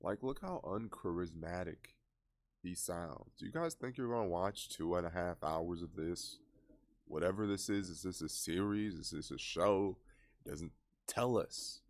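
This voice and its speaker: A man with a deep, gravelly voice gives casual reaction commentary on a trailer. He sounds scoffing and exasperated. The talk is loose and unscripted.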